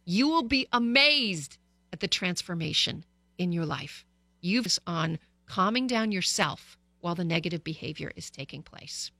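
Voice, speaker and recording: Woman, radio host, bright tone, dry close studio mic, lively storytelling advice. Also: fairly low pitch, normal speed, no echo. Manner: lively, storytelling, direct to listeners. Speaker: radio talk show host. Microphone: studio microphone.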